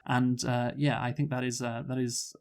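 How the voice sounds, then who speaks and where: A man co-hosting a film review podcast, speaking in a measured, thoughtful way with frequent hedges. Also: mid-range voice, little pitch movement, smooth. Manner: thoughtful, measured, hedging with "you know". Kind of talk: casual film review chat.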